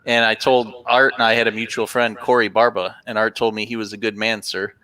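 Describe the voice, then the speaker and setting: A man who draws comics, talking casually on a podcast and recalling how he met the crew, pausing often to search for words. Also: lowish voice, flat delivery, pushed and bright, poor audio. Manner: hesitant, many ums. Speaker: cartoonist guest. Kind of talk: casual chat.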